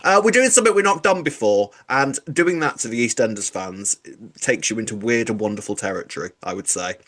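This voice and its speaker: Chatty man, lively pitch. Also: brisk. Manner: chatty, dry self-mocking humour. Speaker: podcast co-host. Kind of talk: casual chat.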